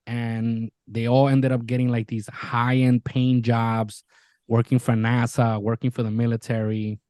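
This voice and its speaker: Animated, swearing man retelling a show. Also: medium pitch, a little slow, no room sound. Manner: animated storyteller, swears freely, retells scenes with quoted voices. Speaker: podcast co-host. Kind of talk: casual chat.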